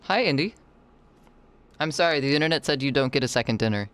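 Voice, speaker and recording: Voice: mid-range voice, fast talker, smooth. A livestreamer, chatting casually with viewers while drawing. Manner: animated, chatty, reads and answers chat.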